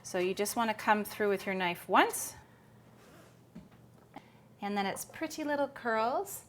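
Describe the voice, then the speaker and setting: A woman's voice: mid-range voice, lively intonation, unhurried, fairly bright tone, a little hiss or hum. A woman hosting a cooking demonstration, chatty and upbeat with playful asides. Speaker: cooking show host.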